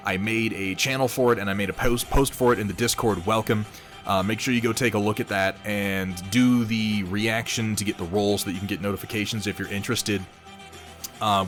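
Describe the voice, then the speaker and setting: Male streamer, lowish voice, very animated pitch, rambling casual chat, faint music behind. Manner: rambling, swears casually, reads chat aloud. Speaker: streamer painting miniatures.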